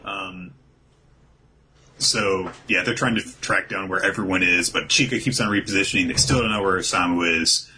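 With slight background noise and a rough recording, a man whose voice sits low recaps a manga on his podcast at a moderate pace. He keeps the conversation casual and animated, voicing characters' lines and laughing as he goes.

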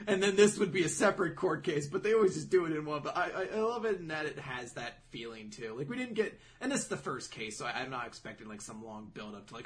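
A man's voice: on the high side, very animated, fast. A young man co-hosting a casual manga recap podcast, swearing freely and acting out characters' lines as he summarizes. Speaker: podcast co-host.

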